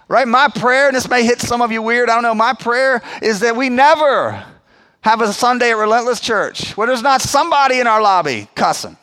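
Pastor, man, forties, high voice, chatty emphatic sermon delivery. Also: sing-song, fairly quick, sharp tone. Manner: conversational, emphatic preaching with acted-out quotes.

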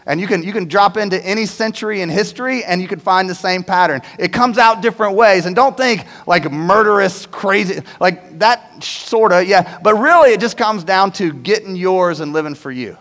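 A man preaching in a relaxed, conversational way, checking in with the room through repeated "right?" tag questions. His voice sits high for a man. The sound carries a long reverb, like a large church auditorium. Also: moderate pace, few pauses. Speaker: pastor. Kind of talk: sermon.

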